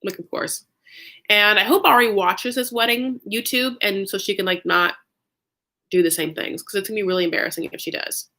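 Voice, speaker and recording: A woman talking in a casual, gossipy recap vlog, chatty and animated, packing her talk with "like.". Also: medium pitch, a little fast. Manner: chatty, heavy use of "like", animated asides. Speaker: YouTube reality-TV recapper.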